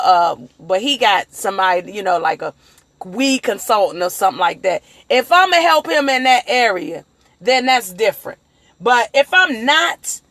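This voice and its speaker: With a high voice and no room sound, a woman hosts a casual motivational livestream from her phone. She talks in a rambling, animated way and acts out the voices of people she quotes.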